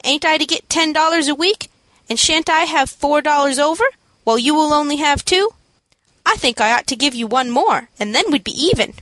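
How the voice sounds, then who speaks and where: Eager slangy ex-street boy, generous, persuasive, high and lively, read by a woman. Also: normal speed, no echo.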